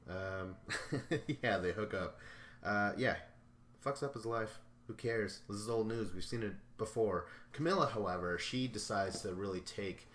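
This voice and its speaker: A man's voice: lowish voice, fairly bright tone. Loose, profane man recapping a show. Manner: loose, profane, rambling with quoted impressions. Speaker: podcast host. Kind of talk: casual episode recap. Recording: roomy echo with faint noise.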